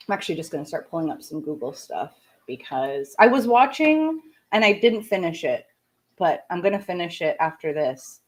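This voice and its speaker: A woman from Canada chatting casually on a livestream, candid and ranting, speaking her mind. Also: on the low side. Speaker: streamer.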